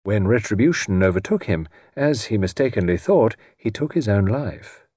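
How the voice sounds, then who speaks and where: A calm, knowing gentleman, as a man voices him in an audiobook. His measured delivery rises and falls freely. The voice is slightly husky and dry. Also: on the low side, no echo.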